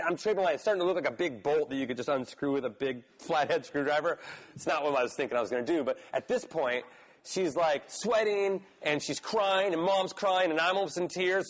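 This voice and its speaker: Forties guy spinning a wild story, super casual, swears a bit, lots of "like". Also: fairly high pitch. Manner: animated, swears, lots of "like" and "right?". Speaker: guest, pro BMX rider.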